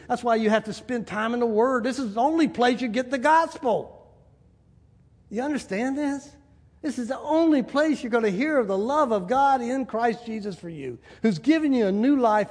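A man preaching a sermon as a pastor, animated, asking the congregation questions and acting out little scenes. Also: very high voice. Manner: animated, asks the crowd, acts out little scenes. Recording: hall reverb.

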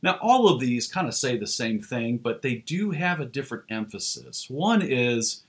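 A man's voice: mid-range voice, big pitch swings. Earnest male pastor preaching a sermon. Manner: earnest preaching, slows for emphasis, frequent "uh" fillers.

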